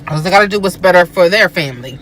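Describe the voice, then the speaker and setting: Animated woman telling family stories. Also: lowish voice, racing, slight background noise. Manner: animated, acts out quoted speech. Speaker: guest, host's sister. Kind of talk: casual storytelling chat. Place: inside a car.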